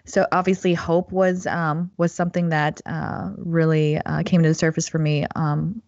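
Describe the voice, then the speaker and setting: A woman's voice: low voice, flat delivery, normal speed, vocal fry, a little mellow, no echo, muffled recording. A woman on a podcast over a video call, thinking aloud hesitantly with many fillers and hedges. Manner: hesitant, lots of fillers and hedging. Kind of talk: casual conversational discussion.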